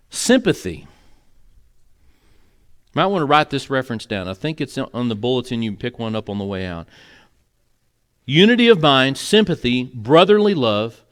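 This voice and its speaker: A male pastor preaching an earnest, conversational sermon in a church, with moments of emotion. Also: mid-range voice. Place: church sanctuary.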